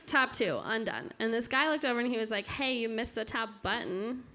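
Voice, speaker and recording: A woman performing a stand-up comedy set in a comedy club, with a deadpan, self-deprecating delivery. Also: a little high, fairly quick. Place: comedy club stage with live audience. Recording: noisy club room audio. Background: audience laughter.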